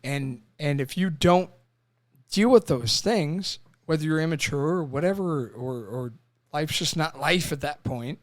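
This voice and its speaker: High-voiced swearing veteran in his thirties. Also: measured pace, dry recording, clean studio sound. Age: 30s. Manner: emotional, profane, animated storytelling. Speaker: podcast host, Marine veteran. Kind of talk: casual chat.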